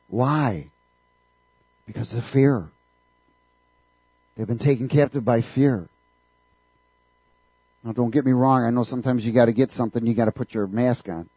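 A man's voice: medium pitch, dark tone, breathy edge, no room sound, poor audio. A man preaching a fervent sermon in a church, calling out questions for the congregation to answer back. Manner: fervent, call-and-response preaching.

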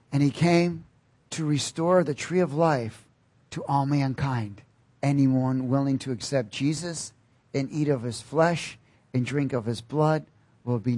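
Guy preaching a sermon, kinda high voice, emphatic, calls out to the crowd. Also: darkish tone, husky. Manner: emphatic, with call-and-response.

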